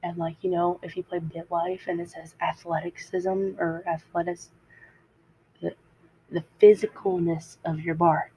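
A woman's voice: fairly low pitch, level tone, unhurried, mellow, slight background noise. A teenage girl hosting a podcast, telling a personal story in a rambling, self-interrupting way and laughing at herself. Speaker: podcast host. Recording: dull lo-fi home mic.

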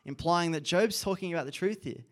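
A man's voice: on the high side, a little fast. Earnest man preaching. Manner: earnest, reflective, with emphatic repeated phrases. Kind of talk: sermon.

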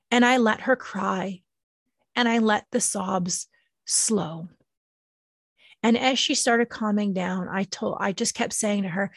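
A woman gently reflecting on healing and self-compassion, slow and tender, emotional and near tears. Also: medium pitch, creaky, no echo, clean studio sound. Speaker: speaker sharing personal healing. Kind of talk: reflective personal talk.

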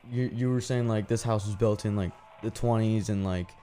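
A man's voice: fairly low pitch, steady tone, normal speed, warm tone, faint music behind. A man, a guest who acts in a haunt attraction, reminiscing in casual chat with many fillers.

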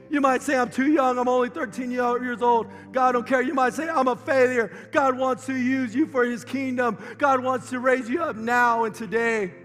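High-voiced preaching man, losing his voice. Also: long reverb tail. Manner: impassioned preaching, rising to shouts. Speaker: pastor. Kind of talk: sermon.

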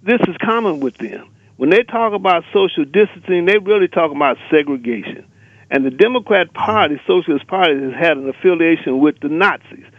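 A man calls in to a radio show over a tinny phone line, delivering a fiery, emphatic rant and repeating rallying lists. His voice is on the high side, brisk, with lively intonation and no room sound.

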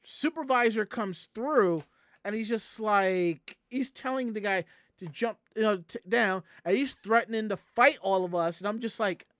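A streamer from the Southern United States telling a story to chat in a casual, animated, profane way, acting out the people in it. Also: mid-range voice, measured pace, dry recording, clean studio sound.

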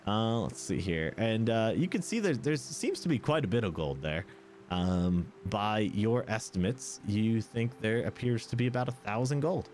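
Male game master, halting and chatty, animated pitch, faint hiss behind. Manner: hesitant with many fillers, laughing often. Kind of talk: narrating a tabletop game.

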